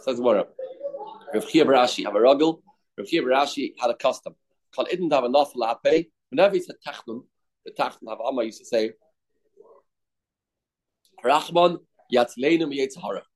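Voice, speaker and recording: Man, Talmud teacher, animated storyteller, mid-pitched voice. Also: fast, low-quality recording. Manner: animated storytelling, mixing Aramaic phrases and English. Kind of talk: Talmud class, retelling with acted quotes.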